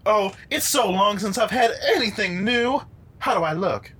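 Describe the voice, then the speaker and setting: Coy southern belle swooning over her suitor, high and bright, breathy as a guy reads her lines. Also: expressive, normal speed, heavily acted. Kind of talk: casual read-through of a film scene.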